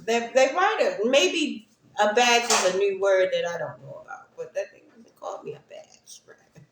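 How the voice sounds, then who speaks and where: A woman's voice: mid-range voice, lively intonation, normal speed, roomy sound, background noise. A woman hosting a livestream, talking casually and reflectively to her viewers and laughing often. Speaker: livestream host.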